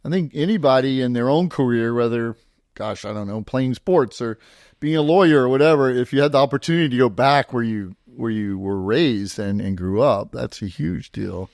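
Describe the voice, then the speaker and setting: A man from Southern California hosting a podcast interview, friendly and encouraging, quick to laugh. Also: mid-range voice, vocal fry, a little mellow, no echo, studio quality. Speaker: podcast host.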